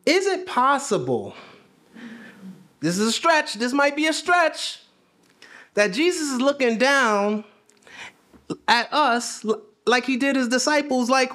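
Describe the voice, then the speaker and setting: A man's voice: extremely high pitch, big pitch swings, takes it slowly, long pauses, pushed and bright. A man preaching a sermon, asking his listeners questions and repeating phrases for emphasis. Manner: conversational, asks the congregation questions. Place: church.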